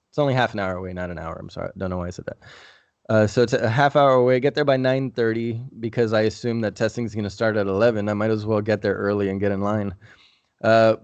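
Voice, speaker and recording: A man's voice: mid-range voice, darkish tone, no echo, highs cut off. A young man telling a long story on a podcast in a casual, rambling way, swearing often. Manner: profane, rambling, laid-back. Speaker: podcast host.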